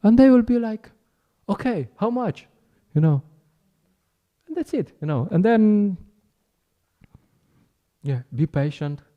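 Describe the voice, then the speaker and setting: A man's voice: high-pitched, sing-song, slow, pauses often, highs cut off. A man giving an informal, chatty talk at a temple class, laughing often and acting out encounters with people on the street.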